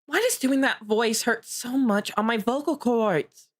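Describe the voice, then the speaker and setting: A man's voice: very high voice, unhurried. Joking man streaming a game. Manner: joking, laughing asides. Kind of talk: casual game commentary. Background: game music.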